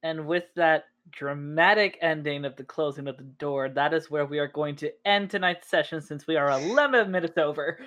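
A woman narrating a tabletop role-playing session as game master, calm and measured. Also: deep voice.

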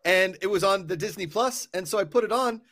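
A man hosting a comedic panel chat, telling jokey stories in an animated way. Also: high voice, a little fast, no room sound, clean studio sound. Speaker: show host.

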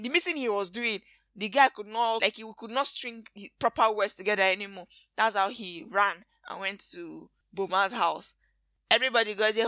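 A woman with a Nigerian accent, hosting a podcast and recapping movies in an animated, gossipy way full of slangy asides. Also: mid-range voice, a little fast, no room sound. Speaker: podcast host. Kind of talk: casual movie recap chat.

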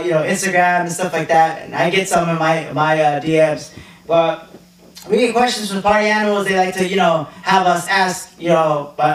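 A man's voice: sits high, slight background noise. A man hosting a podcast, joking around, laughing often and swearing casually. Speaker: podcast host. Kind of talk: casual chat.

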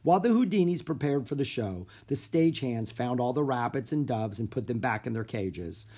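Reading a children's chapter book out loud, a narrator uses a medium pitch and a moderate pace, performing the story with animation and expression.

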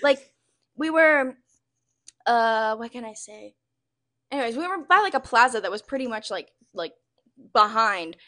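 A young woman with a high, bright-sounding voice tells a story on a podcast she co-hosts. She talks in a loose, giggly way, full of fillers and restarts, and breaks into laughter often. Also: animated, a little slow, long pauses. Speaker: podcast co-host. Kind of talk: casual chat. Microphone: wearing a bald cap.

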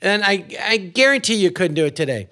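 A man with a high, bright voice that swoops up and down as he talks. He is a comedian guest who mixes sarcastic, deadpan jokes with animated storytelling. His tone is sharp and full of life. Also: a little fast. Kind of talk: comic banter and storytelling.

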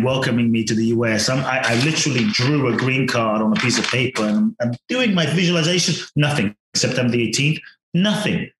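A man telling a personal story in conversation, animated and acting out his own thoughts. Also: mid-range voice, roomy sound, rough recording. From from outside the US. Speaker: podcast guest, personal development teacher.

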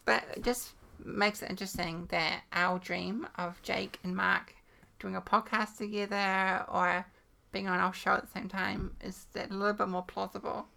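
A woman's voice: medium pitch, level tone, normal speed, vocal fry, sharp tone. A woman with a New Zealand accent co-hosting a podcast in casual chat, dry and blunt, swearing casually. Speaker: podcast co-host.

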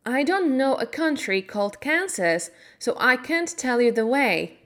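Kindly little old good witch in a storybook, a woman reading her, slow and gentle. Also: high-pitched, very animated, voice pushed up, full character voice. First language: Slovak.

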